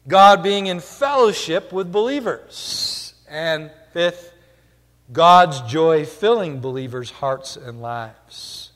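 Man, preacher, sermon, earnest, slow, step-by-step teaching, long hall reverb. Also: fairly high pitch, a bit bright.

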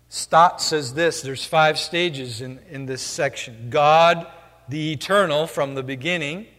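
A man's voice: fairly high pitch, fairly bright tone. A man preaching a sermon, earnestly explaining scripture step by step, in a long church-hall reverb.

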